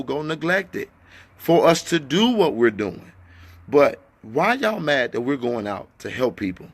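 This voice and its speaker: A man talking to his followers in an impassioned livestream, firing off rhetorical questions and at times lowering his voice, in an echoey indoor space. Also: creaky. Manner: fiery, rhetorical questions, then hushed. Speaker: activist addressing followers.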